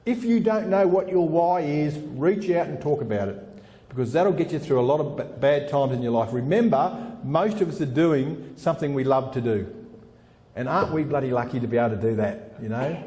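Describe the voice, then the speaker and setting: A man's voice: fairly high pitch, fairly quick, mellow. A middle-aged man giving a blunt, punchy motivational speech at a conference, repeating lines for effect and calling the crowd "folks". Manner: keeps calling the audience "folks". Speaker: organizational consultant giving a keynote. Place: large conference room with about 400 people. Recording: long hall reverb.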